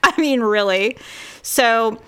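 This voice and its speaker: A woman's voice: fairly high pitch, slow, pushed and bright, smooth. A woman telling a story in a casual podcast chat. She acts out the other people's lines and laughs often.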